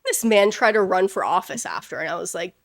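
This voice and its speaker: A woman's voice: mid-range voice, expressive, brisk, vocal fry, no room sound, clean studio sound. A woman co-hosting a casual podcast, talking bluntly and animatedly and swearing freely. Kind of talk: casual chat.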